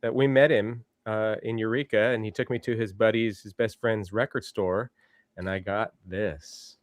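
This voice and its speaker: A man's voice: fairly low pitch, steady tone, normal speed, no echo, studio quality. A man chatting casually, eagerly showing off records he found. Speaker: guest record collector. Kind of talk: casual chat.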